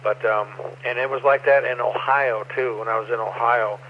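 An easygoing man talks plainly and matter-of-factly, his voice at a middle pitch. The sound is dulled by a radio link, and faint noise sits underneath. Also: steady tone, moderate pace, dull audio. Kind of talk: casual radio chat.

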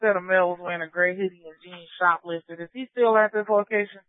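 A high-pitched male police dispatcher reads out addresses and call codes in a clipped, procedural way. He comes through a tinny, narrow-band radio scanner with a dry, close sound. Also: fairly even intonation, fast, dry recording.

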